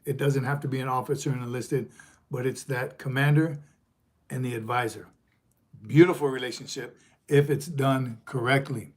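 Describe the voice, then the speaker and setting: A man's voice: medium pitch, fairly even intonation, normal speed. A middle-aged man, a retired Marine sergeant major, hosting a casual livestream and rambling as he reads viewer comments aloud.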